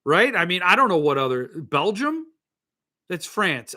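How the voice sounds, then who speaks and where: Give me a middle-aged man with a bright, slightly high voice, rambling and self-mocking as a podcast host. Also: sing-song, unhurried. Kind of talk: casual chat.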